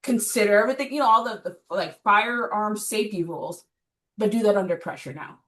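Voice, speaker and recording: A woman's voice: medium pitch, a little fast, recorded from a distance. A woman personal trainer talking bluntly and with energy in a casual interview chat. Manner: blunt, energetic, laughs often.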